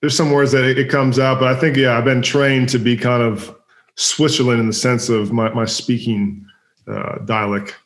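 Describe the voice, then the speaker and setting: A man's voice: medium pitch, moderate pace, roomy sound. A man from Minnesota, a former football player, talking casually and hesitantly as an interview guest. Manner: relaxed, hesitant with fillers.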